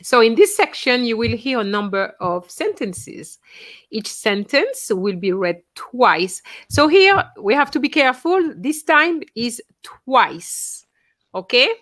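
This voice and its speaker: A woman's voice: on the high side, big pitch swings, takes it slowly, fairly bright tone. A woman teaching a French class online, explaining instructions patiently and checking in with her students.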